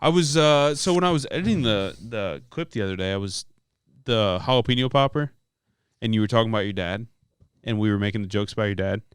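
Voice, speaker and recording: A man's voice: lowish voice, lively intonation, brisk, clean tone, no room sound, studio quality. A young man co-hosting a podcast, telling stories in a laid-back, swearing casual chat. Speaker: podcast co-host.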